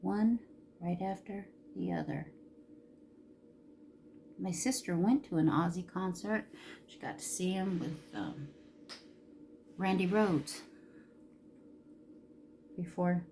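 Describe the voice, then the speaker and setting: A woman's voice: on the low side, slow pace, creaky, pauses often, mellow, a little hiss or hum. A woman in her fifties chatting casually while doing her makeup, rambling through stories and chuckling often. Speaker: beauty vlogger.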